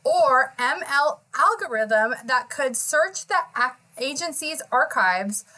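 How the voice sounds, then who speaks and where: A woman's voice: high-pitched, animated, slow pace, bright, forceful tone, low-quality recording. A woman podcast host in casual chat, recapping a hearing in a chatty, self-correcting way.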